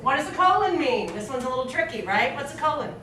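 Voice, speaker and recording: A woman with a high, swooping voice talks fast over crowd noise, caught by a distant camera in an echoey room. She's an acting teacher running a classroom drill, constantly quizzing her students and checking in with "right?".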